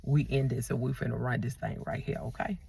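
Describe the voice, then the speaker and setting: Gravelly, emphatic woman ranting to camera. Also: rumbling low, steady tone, brisk, warm tone. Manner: emphatic, repeats words and restarts often. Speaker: vlogger. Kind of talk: ranting video monologue.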